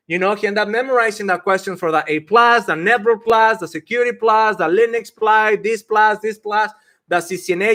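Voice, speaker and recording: High-voiced emphatic man giving career advice. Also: brisk, bright, forceful tone. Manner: emphatic, laughing, acts out mock quotes. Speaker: IT career coach. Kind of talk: live-stream career talk.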